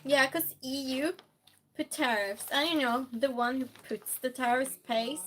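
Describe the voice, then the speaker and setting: Woman, live streamer, casual chat, bright tense tone, slow talker, playful. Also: sits high, slight background noise. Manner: chatty and playful, scolds and thanks donors. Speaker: live streamer hosting a game night.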